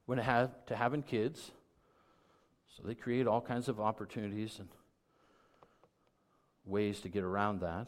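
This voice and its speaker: Middle-aged pastor guy, lowish voice, chatty sermon that swells up loud and punchy. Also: little pitch movement, measured pace, pauses often. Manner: conversational preaching that builds to loud emphatic peaks.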